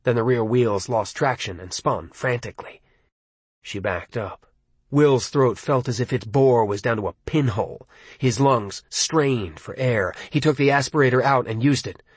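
Man reading a scary audiobook, kinda breathy voice, dead dry booth sound. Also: medium pitch, moderate pace, dry recording. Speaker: audiobook narrator. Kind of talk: dramatic audiobook narration.

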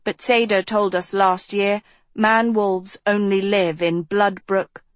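A woman's voice: medium pitch, fairly even intonation, takes it slowly, no room sound, lightly acted. A woman voicing a tired, impatient teenage boy with a weary, sardonic delivery in an audiobook. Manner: weary, snorting sarcasm.

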